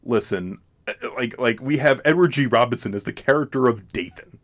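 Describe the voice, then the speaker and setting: A man's voice: medium pitch, a little fast, fairly bright tone. A man hosting a casual film podcast, rambling with many restarts and fillers and laughing often. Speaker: podcast host. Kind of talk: casual chat.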